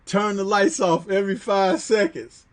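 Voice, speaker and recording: A man's voice: high voice, fairly even intonation, moderate pace. A man hosting a livestream, reading chat aloud and reminiscing in slangy casual talk, laughing often.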